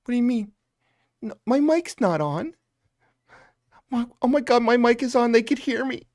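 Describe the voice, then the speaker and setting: A man voicing a weepy, oversensitive young streamer in a whiny, high falsetto as a mocking parody. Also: very animated, fairly quick, creaky.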